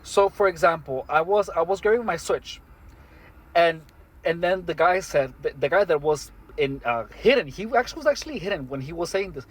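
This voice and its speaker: A man speaking alone to the camera in an earnest, matter-of-fact monologue, halting with many restarts and fillers. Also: a little high, animated. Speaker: vlogger. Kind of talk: first-person monologue to camera.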